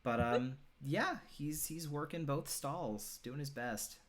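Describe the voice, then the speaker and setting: A woman's voice: very deep voice, slow. A woman narrating a tabletop game as game master, casually and with many ums and restarts. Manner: hesitant, filler-heavy narration.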